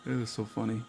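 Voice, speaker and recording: A livestream host with a lowish, creaky, husky voice chats casually and teases a friend playfully. His joking banter is packed with "like" fillers.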